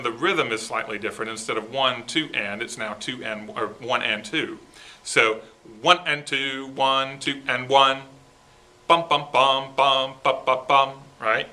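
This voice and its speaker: A man's voice: medium pitch, bright, forceful tone. A man coaching a student band through a march, explaining the parts and checking in with "okay" as he goes. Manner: coaching, sings parts with syllables. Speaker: composer coaching school band. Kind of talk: rehearsal instruction.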